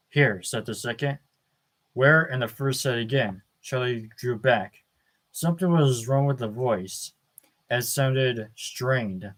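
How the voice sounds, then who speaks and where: A man reading a novel aloud as an audiobook, measured and deliberate, with the odd stumble. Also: medium pitch, rough recording. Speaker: audiobook narrator. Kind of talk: slow dramatic book reading.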